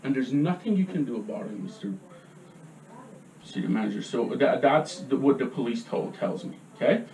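Here a man from the community gives an angry public comment, brisk and expressive, yet his mid-range voice carries a warm tone. Again and again he presses his case with "okay?", heard from a distance in a reverberant room with faint background noise.

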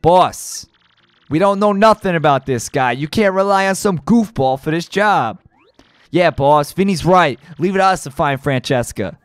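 A man voicing blustering mobster henchmen in a video game playthrough, with rough, mocking street slang. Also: a little high, lively intonation, normal speed, no room sound, faint music behind, pitched above the performer's own voice, natural voice. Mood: protesting. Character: blustering male mobster henchmen, dim and pushy.

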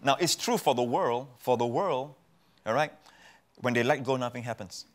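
A man's voice: medium pitch, normal speed. A man from Singapore, preaching as a guest pastor on a TV talk show and repeating key phrases for emphasis.

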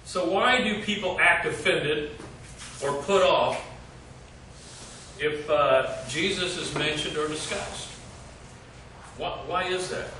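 Man, Bible study teacher, slow halting delivery, fairly high voice, echoey room, distant noisy mic. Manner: halting, many fillers, quizzes the group. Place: church meeting room.

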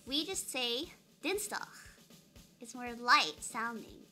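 A woman's voice: high-pitched, animated, a little slow, bright, forceful tone, faint music behind. A young woman streaming a game, chatting playfully with her chat and giggling often. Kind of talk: casual live-stream chat.

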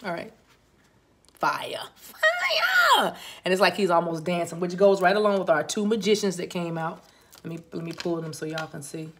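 A woman giving a casual, playful tarot reading straight to her viewers, with sudden high exclamations. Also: steady tone, fairly quick. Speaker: tarot reader.

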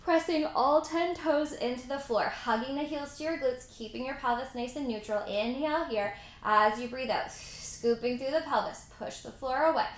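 A woman's voice: sits high, moderate pace, few pauses, echoey room. A woman teaching a mat pilates class, cueing moves, counting reps and adding chatty asides. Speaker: pilates instructor. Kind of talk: guided workout instruction.

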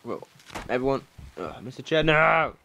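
A young man doing let's play commentary, excitable and swearing, shouting at the game. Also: mid-range voice, normal speed, creaky, slight background noise. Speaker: gaming commentator.

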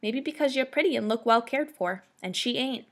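A woman's voice: a little high, animated, moderate pace, fairly bright tone. A woman doing a blunt old working woman. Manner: plain-spoken, muttering.

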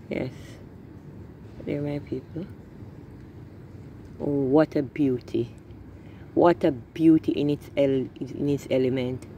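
Filming on a phone she holds while walking, a woman gives her viewers a casual tour of her garden outdoors. Her low voice is gravelly and warm, and she gushes with delight, exclaiming and calling "my people" again and again. The rough recording carries a bit of hiss or hum.

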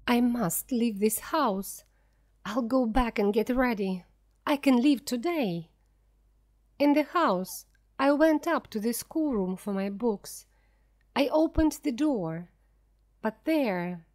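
A woman reading a ghost story aloud for English learners, slowly, clearly and deliberately. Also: fairly high pitch, darkish tone. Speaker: audiobook narrator. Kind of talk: scripted narration for English learners.

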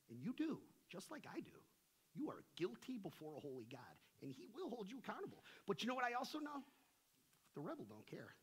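A middle-aged male pastor preaching a sermon in a church, conversational and full of slang, swinging between hushed asides and impassioned shouts. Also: high voice, big pitch swings, fairly quick, a little hiss or hum. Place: church sanctuary.

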